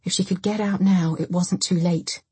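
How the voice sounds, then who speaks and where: This is scripted audiobook narration of a dark tale by a woman whose low voice is strongly breathy and husky. She keeps a steady, measured delivery, captured close up with a completely dry sound.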